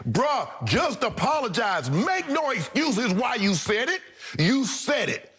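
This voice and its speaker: High-pitched male sports debate co-host, blunt and forceful, leans on slang and repetition. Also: big pitch swings, takes it slowly, breathy edge, faint music behind. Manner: emphatic, blunt, slangy, repeats points for punch. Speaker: sports talk show co-host. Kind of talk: heated sports debate commentary.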